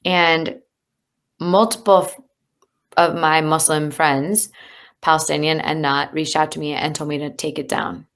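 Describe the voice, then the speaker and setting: In a conversational interview, a U.S. leadership coach talks in a deep, steady, fairly bright voice, taking her time. She's candid and earnest as a guest, her speech full of fillers.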